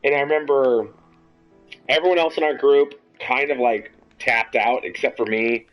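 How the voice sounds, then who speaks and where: A young man hosting a podcast, telling a long story in a casual, rambling, animated way and swearing freely. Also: mid-range voice, moderate pace, soft background music. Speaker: podcast host. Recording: dull lo-fi audio.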